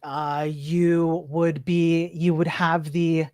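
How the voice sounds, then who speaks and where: A man's voice: fairly high pitch, level tone, extremely slow, a little mellow, smooth, dry recording, clean studio sound. A man debating online, a self-described nerd, hesitant and restarting his points.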